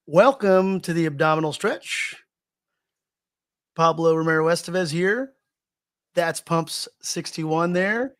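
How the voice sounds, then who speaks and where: Man, podcast co-host, casual joking chat, fairly high voice, restarts sentences. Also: takes it slowly, long pauses, a bit bright. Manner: loose and joking, often restarts his sentences.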